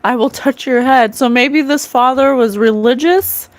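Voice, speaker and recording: Slow-talking earnest woman psychic. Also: sits high, slight background noise. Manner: earnest, emotional, talks to viewers in chat. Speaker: psychic medium streamer. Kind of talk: live-stream card reading, casual talk.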